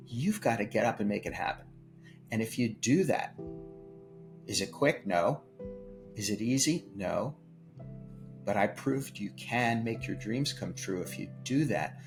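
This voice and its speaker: Animated older man telling his story. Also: medium pitch, gravelly. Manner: emphatic, acts out quoted voices. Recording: faint music behind.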